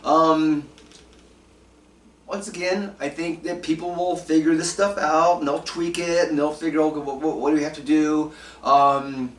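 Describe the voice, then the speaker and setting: A man's voice: fairly high pitch, little pitch movement, unhurried. A man hosting a casual solo sports talk show, rambling and self-mocking with lots of ums and uhs, speaking. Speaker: podcast host. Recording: roomy echo, mic at a distance.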